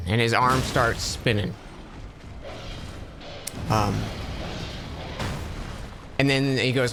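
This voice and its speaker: A man's voice: mid-range voice, fairly even intonation, slow, pauses often, over music. A male streamer casually telling a long joke on a live stream, rambling and interrupting himself with restarts. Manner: rambling, self-interrupting storyteller.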